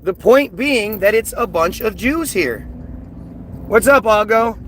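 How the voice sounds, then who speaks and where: A man's voice: high-pitched, lively intonation, slow, slight background noise, poor audio. A man livestreaming a heated, agitated rant, scornful and repetitive as he answers his chat. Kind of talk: heated live-stream rant.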